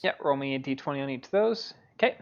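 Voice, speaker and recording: A man's voice: mid-range voice, lively intonation. Hesitant male game master, lo-fi. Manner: halting, full of "um" and "like". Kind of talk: narrating a tabletop game. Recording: dull lo-fi audio.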